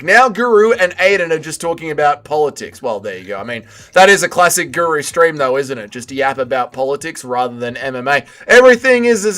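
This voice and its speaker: A young man hosts a livestream, reading out viewer messages and answering in chummy, profane banter. His voice sits a little high and has a bright, forceful edge. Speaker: livestream host. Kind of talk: casual chat, reading viewer chat aloud.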